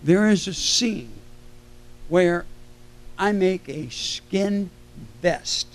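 Older man, fairly high voice, convention panel guest, animated storyteller. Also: extremely slow. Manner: animated anecdotes, acting out quoted voices. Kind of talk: storytelling to a live audience. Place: convention stage.

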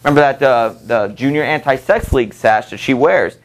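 A middle-aged man teaching a high school literature class in a casual, conversational way, full of fillers and quick checks with the students, reading quotes aloud with lively jumps in pitch. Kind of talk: classroom lecture.

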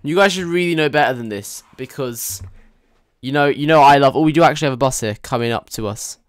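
A young man talks his viewers through a live game stream, chatty and jokey, teasing and confiding by turns. His voice is smooth and clear, at an ordinary middle pitch. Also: fast, dry recording.

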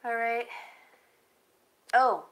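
A woman's voice: on the high side, low-quality recording. A woman chatting casually on a live stream, showing jewelry and muttering to herself as she fiddles with her phone. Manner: unhurried, chatty, self-talk while fiddling with her phone.

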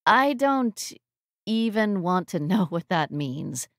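A woman voicing a sardonic young woman with a dry, deadpan wit. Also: medium pitch, slow pace, dry recording.

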